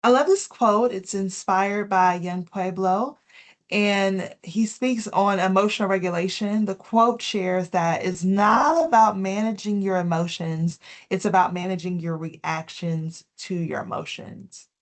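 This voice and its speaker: A woman presents a wellness lesson in a gentle, explanatory way. She works through prepared tips and then unpacks each one in plain words, with casual fillers along the way. Her voice sits at an ordinary middle pitch. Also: a little slow. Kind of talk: health education talk.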